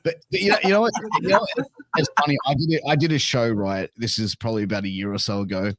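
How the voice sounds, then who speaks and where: A man in his forties with an Australian accent, telling stories as a podcast guest in casual chat and acting out quotes loudly. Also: mid-range voice, fast, no room sound, clean studio sound. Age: 40s. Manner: animated storyteller, acts out quotes loudly. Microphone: video call.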